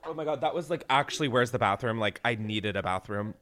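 A young man hosting a comedy podcast, chatting casually in an excitable, gushing way and swearing freely into a studio mic. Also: mid-range voice, fast talker, slight background noise. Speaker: podcast host.

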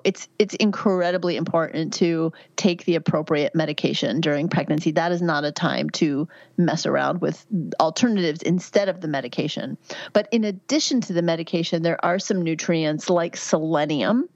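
A woman's voice: on the low side, normal speed, darkish tone, no room sound, highs cut off. A woman in her fifties, a physician guest on a podcast, giving candid, chatty advice with lots of fillers. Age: 50s. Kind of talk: podcast interview answers.

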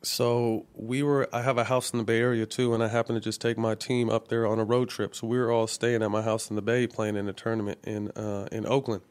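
A middle-aged man in a casual interview, speaking candidly with profanity and frequent halting restarts. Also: on the low side, flat delivery, darkish tone, smooth. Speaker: guest.

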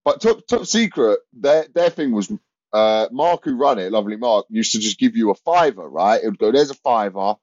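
A man's voice: lowish voice, expressive, normal speed, a little mellow, dry recording, muffled recording. A man, a comedian, telling rambling anecdotes in casual chat, laughing and restarting often. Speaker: comedian guest.

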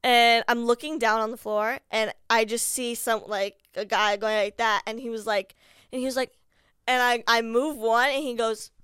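A woman in her twenties, a podcast guest telling animated stories and filling nearly every phrase with "like". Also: a little high, normal speed, smooth, no room sound. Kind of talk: casual storytelling chat.

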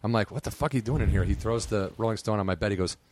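A middle-aged man guesting on a podcast, telling a story in casual chat, lively and swearing freely as he quotes people. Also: racing, noisy background. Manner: lively, swears freely, jumps high when quoting people.

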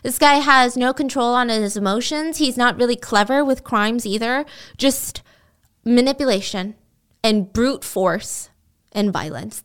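A woman hosting a podcast, telling a true-crime story in casual, animated storytelling and acting out the people in it. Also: a little high. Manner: animated, expressive, acts out quotes. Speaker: podcast host.

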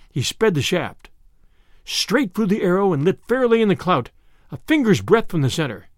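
A man narrating a classic storybook tale in an expressive reading of archaic prose. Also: high voice, no room sound, clean studio sound.

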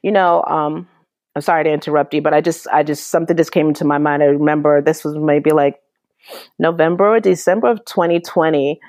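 A woman's voice: low voice, fairly even intonation, a little fast, a little mellow, no echo. Earnest woman guest, dry close sound. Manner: earnest, emotional storytelling with many restarts. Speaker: interview guest. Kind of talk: conversational interview.

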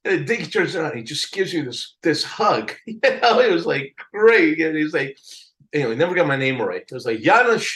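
An older man telling a story in a casual interview, animated, acting out the people he quotes and laughing often. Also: on the high side, a little fast, rough recording. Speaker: album cover artist telling a story.

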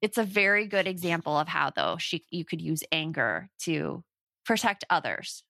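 A woman co-hosting a parenting podcast in casual chat, talking in a chatty, animated way and acting out inner voices. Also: on the low side, moderate pace, creaky, no echo, studio quality. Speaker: podcast co-host.

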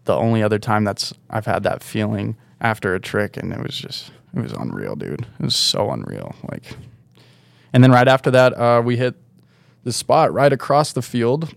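A young man with a gravelly voice tells a story in a casual podcast chat. He rambles loosely, leaning on "like" and "dude". His sound is dry and close to the mic. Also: lowish voice, huge pitch swings, normal speed, no echo. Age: young adult. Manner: rambling, laid-back, filler-heavy with "like" and "dude". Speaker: guest snowboarder.

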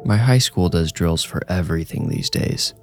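A man reading a scripted horror story aloud in a measured, hushed storytelling manner. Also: sits low, animated, soft background music. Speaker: horror story narrator and host.

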